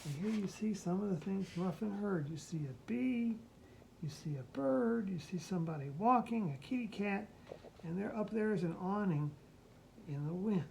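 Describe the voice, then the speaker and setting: A woman's voice: mid-range voice, expressive, moderate pace, gravelly, darkish tone, a little hiss or hum. A woman reading a children's picture book aloud to a child, mimicking the sounds and asking the listener questions.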